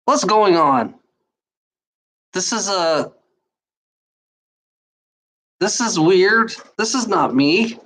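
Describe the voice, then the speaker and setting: A woman from Germany giving an emotional unscripted monologue, out of breath and talking in halting, restarting bursts. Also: lowish voice, animated, fairly bright tone. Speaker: channel host.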